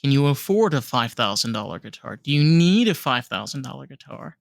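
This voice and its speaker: A podcast host interviews someone in a loose, rambling way, full of likes, fillers and restarts. His voice is medium-pitched and gravelly, with big swings in pitch, and he talks a little fast. The recording is studio quality with no room sound.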